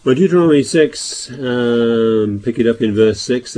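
Here a fairly low-voiced man delivers a sermon. He reads passages of scripture more loudly, then works through their meaning, stumbling, restarting, and repeating words as he goes.

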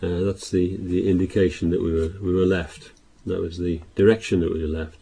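A man preaching a sermon, reading scripture aloud louder and explaining it with halting restarts and repeated words. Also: deep voice, flat delivery, gravelly, a little hiss or hum.

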